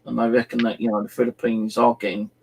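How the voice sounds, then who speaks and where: A man's voice: medium pitch, little pitch movement, quick pace, creaky, slight background noise, low-quality recording. A middle-aged man chatting casually on a live stream, rambling through stories and swearing freely. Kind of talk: casual chat.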